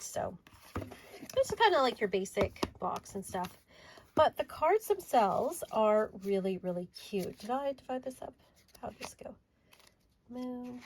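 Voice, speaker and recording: A woman's voice: on the high side, lively intonation, unhurried, noisy background. Chatty woman showing tarot decks. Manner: chatty and enthusiastic, drifting to soft murmurs while handling cards. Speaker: tarot reader and deck reviewer. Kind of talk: casual show-and-tell video.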